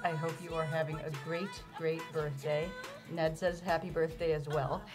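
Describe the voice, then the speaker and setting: A woman's voice: low voice, flat delivery, moderate pace, over music. A woman in her thirties giving a heartfelt recorded birthday greeting to her older sister. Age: 30s. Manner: heartfelt, earnest. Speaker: younger sister sending a birthday message.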